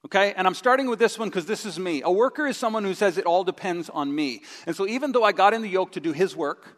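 Animated high-voiced pastor preaching. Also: male voice, quick pace. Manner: animated, acts out his own inner voice with groans. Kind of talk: sermon with live demonstration. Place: church sanctuary. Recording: long reverb of a large hall.

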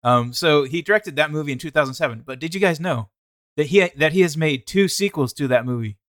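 A man chatting casually as a podcast co-host, relaxed, with dry humor. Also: fairly high pitch, a little fast, no echo. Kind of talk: casual chat.

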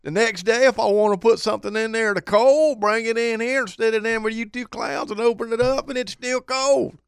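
A man voicing amazed rednecks in a joke, with a drawling Southern redneck accent and high, incredulous voices. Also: steady tone, a little fast, clean tone, no room sound, studio quality. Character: three rednecks from a joke, factory lunchroom workers.

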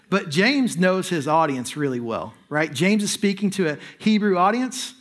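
A man's voice: high-pitched, lively intonation, brisk, hardly any pauses, fairly bright tone. A man preaching a sermon, explaining scripture in a conversational way and often checking in with the congregation. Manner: conversational preaching with frequent "right?" asides. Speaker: pastor.

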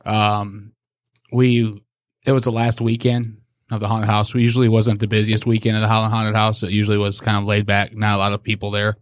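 Animated man telling a spooky story. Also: lowish voice, no echo, studio quality. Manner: animated storyteller acting out quotes in menacing slow voices. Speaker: podcast guest. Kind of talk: casual storytelling.

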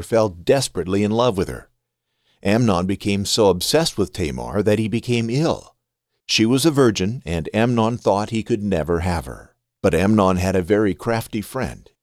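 A man hosting a podcast and reading scripture aloud in an expressive, scripted way. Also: lowish voice, dry recording, studio quality. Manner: expressive reading with a lively rise and fall.

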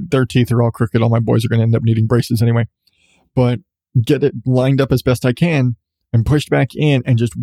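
A man in his thirties hosts a podcast and tells a story at an easy conversational pace, swearing freely and getting animated. His voice is mellow and low-key in tone. The recording is close and dry, with no room sound. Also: no room sound. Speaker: podcast host. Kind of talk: casual storytelling.

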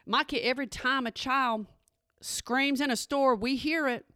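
A woman's voice: high-pitched, fairly even intonation, unhurried, pushed and bright, no echo, studio quality. A middle-aged woman and mother, chatting in a sassy, emphatic monologue straight to her listeners. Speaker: parent monologue host. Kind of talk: casual chat monologue.

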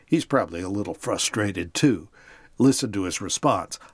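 A man's voice: low voice, lively intonation, moderate pace, breathy edge, no echo, clean studio sound. A man hosting a podcast, narrating a Bible story and explaining it to his listeners. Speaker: podcast host.

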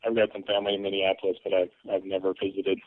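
A man's voice: low voice, completely flat delivery, rapid-fire, no room sound. A man from Alaska, a guest on a podcast, chatting in an easygoing, hesitant way with many ums. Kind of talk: casual conversation. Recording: phone-line call audio.

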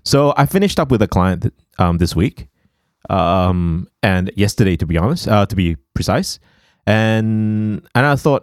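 Man, low voice, very lively pitch, dry close sound, rambling casual chat. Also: unhurried, clear, resonant tone, dry recording. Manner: animated, rambling, laughs easily. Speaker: podcast co-host.

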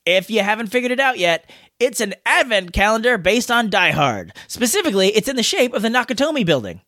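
A man's voice: high-pitched, very animated, brisk, bright, forceful tone, no echo, studio quality. A man hosting a podcast, reading listener letters aloud in a playful, jokey way. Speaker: podcast host. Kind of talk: casual podcast chat reading listener mail.

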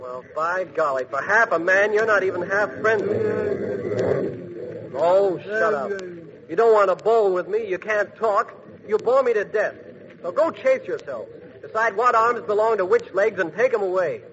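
An actor playing Bud, a fearless, cheeky young hero, joking and unflappable, in 1940s radio drama. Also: male voice, high-pitched, normal speed, a bit bright. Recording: dull old radio broadcast with hiss.

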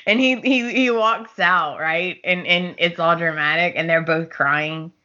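Woman podcast co-host, unhurried, bright tone, lo-fi sound, animated recapper. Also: fairly low pitch. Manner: animated storyteller, acts out characters' lines, laughs often. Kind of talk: casual chat recapping a soap opera.

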